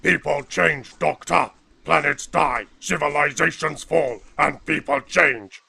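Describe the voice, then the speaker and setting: A man voicing a ruthless, commanding alien captain with a harsh, gravelly voice in an audio drama. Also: a little high, slow pace, pushed and bright, exaggerated voice. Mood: menacing. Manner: commanding, menacing. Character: gruff rhino-like alien male captain, ruthless. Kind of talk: fan audio drama acting.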